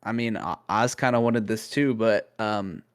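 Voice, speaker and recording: A man's voice: on the low side, unhurried, smooth. A young man co-hosting a podcast, talking through his thoughts in a casual, thoughtful way with lots of fillers. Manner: thoughtful, many fillers and restarts. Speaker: podcast co-host. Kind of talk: casual chat.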